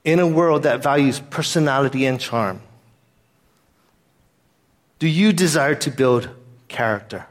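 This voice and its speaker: A man's voice: mid-range voice, a little slow, pauses often. A man pastor giving a sermon in an earnest, conversational way, weaving in a personal story.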